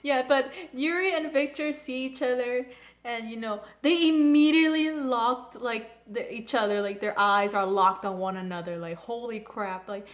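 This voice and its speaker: A young woman reviewing an anime episode in casual chat, gushing and excitable, full of "like" and restarts. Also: a little high, moderate pace. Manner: gushing, filler-heavy, excitable.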